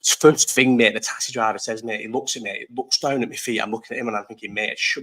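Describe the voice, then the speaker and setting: A man's voice: medium pitch, steady tone, fast, a bit bright, slightly rough. Rambling, laughing man in his thirties. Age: 30s. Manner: rambling, swears a lot, laughs often. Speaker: live stream host. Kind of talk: casual live chat. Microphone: desk mic set too low.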